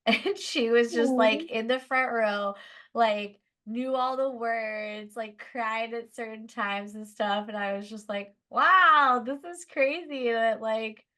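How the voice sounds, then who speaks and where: A woman from Southern California chats as a podcast guest. She tells long, rambling stories with lots of fillers. She laughs easily and slips into voices when she quotes people. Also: mid-range voice. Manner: chatty, animated, lots of "like", laughs while telling stories. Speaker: guest musician. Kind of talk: casual podcast storytelling.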